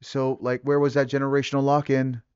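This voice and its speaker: A young man rants in a loose, rambling way, swearing freely and tripping over restarts and fillers as he works his thoughts out loud. His voice sits at an ordinary middle pitch. The audio is a bit dull and lo-fi. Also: completely flat delivery, a little fast, smooth. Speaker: vlogger. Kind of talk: casual rant to camera.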